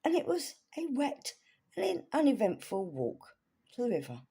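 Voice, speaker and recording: A woman's voice: fairly high pitch, wildly swooping pitch, a little slow, mellow, slightly rough, voice pushed up, full character voice. A woman reading aloud in a put-on posh English accent, playing a refined lady diarist. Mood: prim. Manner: genteel, prim reading.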